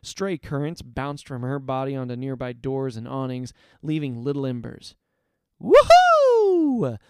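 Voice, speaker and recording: A man narrating a story aloud in a measured, expressive reading voice. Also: medium pitch, smooth, no echo, clean studio sound. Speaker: story reader.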